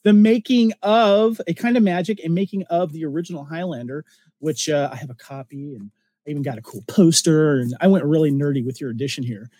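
A man's voice: on the high side, a little fast, mellow, no echo, clean studio sound. A man hosting a podcast, chatting playfully and teasing his guest in a joking way. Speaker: podcast host. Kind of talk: casual podcast chat.

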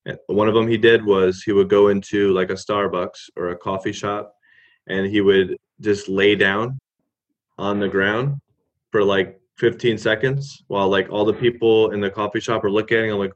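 A man with a fairly low voice chats as a guest in an easygoing way. He wanders off on tangents and keeps checking in with the listener. The sound is muffled and lo-fi. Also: moderate pace. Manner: relaxed, drifts off on tangents, many "you know"s. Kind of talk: casual interview chat.

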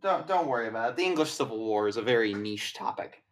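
A man's voice: mid-range voice, animated, quick pace. Chatty male game master. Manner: chatty, rambling, with casual fillers and swearing. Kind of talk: narrating a tabletop game.

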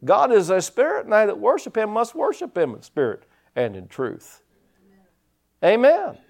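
A man preaching a sermon as pastor, folksy, telling stories and swinging his loudness up and down, from the United States. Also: sits high, huge pitch swings, moderate pace, gravelly. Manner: folksy storytelling preacher, rising and dropping loudness.

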